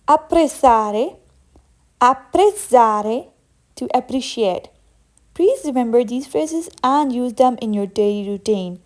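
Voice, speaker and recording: Casting note: young woman, high and slow, a patient teacher who repeats each word twice. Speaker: language teacher. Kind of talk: vocabulary lesson with slow repetition.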